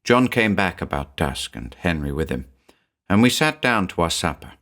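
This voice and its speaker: A man voicing an anxious village mother who recounts events in a hushed, uneasy way. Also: low voice, big pitch swings, normal speed, full character voice.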